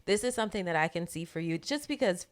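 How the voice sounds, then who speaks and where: A woman's voice: lowish voice, animated, quick pace. A woman co-hosting a podcast, chatting in a casual, encouraging and upbeat way. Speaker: podcast co-host. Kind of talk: casual interview chat.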